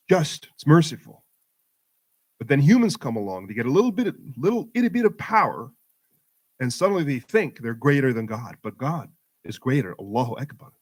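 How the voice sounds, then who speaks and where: A middle-aged man speaks with passion to a gathered community at a mosque event. His voice sits at an ordinary pitch for a man. He drives his points home through repeated phrases, pushing up and dropping back for emphasis. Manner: emphatic, rhetorical repetition, rising and falling for emphasis. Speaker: guest speaker at community program. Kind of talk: impassioned public talk to a community audience.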